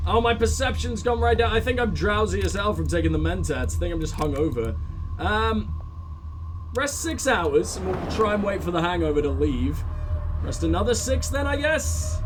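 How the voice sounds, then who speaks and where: A man's voice: high voice, background noise. A man casually commentating as he plays a game, joking and swearing. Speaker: let's play host.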